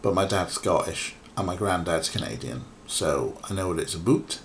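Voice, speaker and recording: A man's voice: deep voice, animated, moderate pace, noisy background. A man with a mild Welsh accent casually commenting on a game he plays for his chat. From Wales. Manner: chatty, joking, asides to chat. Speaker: streamer. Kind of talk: casual let's-play commentary.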